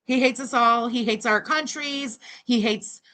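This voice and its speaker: A woman's voice: a little high, measured pace, pushed and bright. A woman hosting a reaction livestream, giving blunt, sarcastic, scornful commentary. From Canada. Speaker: commentary channel host.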